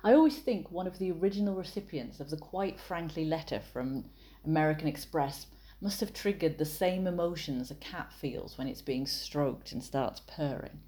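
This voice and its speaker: A woman explaining copywriting in a measured, analytical way, with wry asides. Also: low voice, warm tone. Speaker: copywriting teacher and author.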